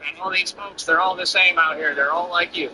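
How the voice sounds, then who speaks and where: A man's voice: sits high, fairly even intonation, a little fast, sharp tone, soft background music, low-quality recording. A man streamer ranting defiantly and boastfully over his gameplay. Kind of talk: livestream rant over gameplay.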